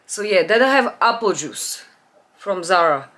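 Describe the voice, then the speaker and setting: A woman chats at home about her purchases, at a middle pitch. She rambles, restarts her sentences and often lets her voice drop to a low murmur. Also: lively intonation, unhurried, a bit bright. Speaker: beauty vlogger. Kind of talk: casual perfume haul chat. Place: home, natural light.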